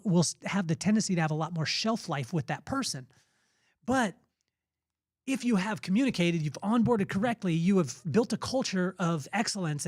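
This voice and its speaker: Male podcast host, middle-aged, earnest and preachy, telling stories off the cuff, bit of a higher voice. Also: darkish tone, no echo, studio quality. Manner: earnest, preachy, spontaneous storytelling. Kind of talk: motivational faith talk.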